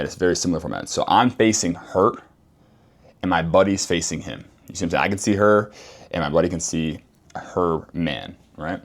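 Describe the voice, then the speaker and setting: A man vlogging a casual story to camera, slangy and animated, often repeating phrases for emphasis. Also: low voice.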